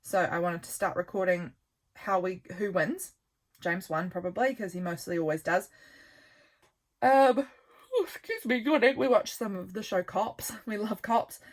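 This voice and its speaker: A woman's voice: on the low side, normal speed. A young woman with a New Zealand accent, chatting casually and rambling as she flips through her journal, tired and yawning. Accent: New Zealand English. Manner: chatty, rambling, warm asides to viewers. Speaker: journaling vlogger. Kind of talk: casual flip-through chat. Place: home.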